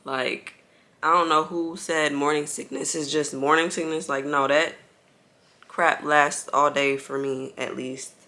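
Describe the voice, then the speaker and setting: A young woman at home bounces on an exercise ball with a baby as she vlogs. Her voice sits low, steady, bright and forceful, and she's unhurried. She tells her story in a casual, chatty way, leaning on "like" and calling viewers y'all.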